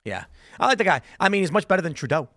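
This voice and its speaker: Lively talk-show host, dry close mic. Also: male voice, high-pitched, very fast, no room sound. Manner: animated storytelling, reads viewer comments aloud. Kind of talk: casual panel talk show chat.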